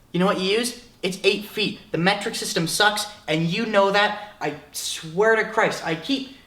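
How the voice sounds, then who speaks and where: A man's voice: fairly high pitch, fairly bright tone, reverberant. A young man in his late teens giving a jokey tutorial, rambling and self-mocking, with lots of filler. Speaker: vlogger. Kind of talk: comedic tutorial.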